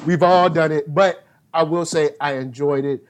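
A man's voice: on the high side, fairly even intonation, moderate pace, crowd noise. A man hosting a casual movie review chat, laid-back and slangy, joking with his co-hosts.

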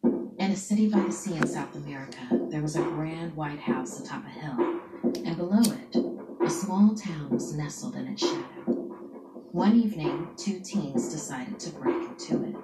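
A woman narrating a scary story in a hushed, dramatic way, with music playing behind her. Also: low voice, animated, normal speed. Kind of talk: scripted spooky story narration. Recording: echoey room with music behind. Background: background music.

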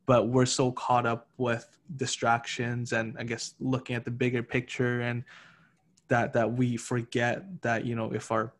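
Flat-voiced male interview host. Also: mid-range voice, unhurried. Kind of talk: casual interview talk.

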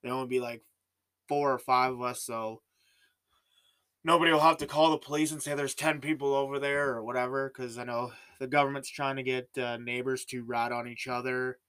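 A man's voice: medium pitch, level tone, normal speed, fairly bright tone, clear, resonant tone. A young Canadian man with a Canadian accent, hosting a solo podcast in a casual, rambling way with many fillers and restarts. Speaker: podcast host.

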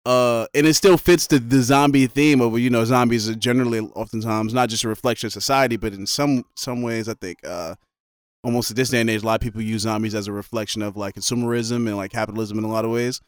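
Male co-host, casual movie chat, mid-pitched and easygoing, slangy, dry close sound. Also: fast, clean tone, dry recording. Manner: relaxed, laughs often, slangy. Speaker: podcast co-host.

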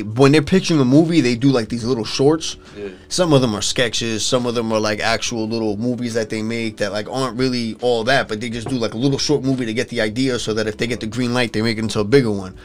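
A young man casually retelling a TV episode to friends, swearing freely and filling his talk with "like" and restarts. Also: mid-range voice. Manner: loose, profane storytelling full of fillers. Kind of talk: casual chat.

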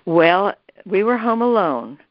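An older woman, interviewed about her family's history, tells a family story in a casual, rambling way, with many restarts and asides. Her mid-range voice is sing-song and slow. The recording is dull, lo-fi and dry.

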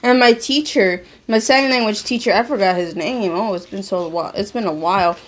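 A teenage girl telling a story in casual, slangy chat, animated and quick to laugh. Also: medium pitch.

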